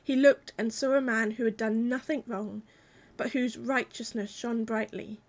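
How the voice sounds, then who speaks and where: Woman, preacher, calm measured sermon, reflective, slightly high-pitched.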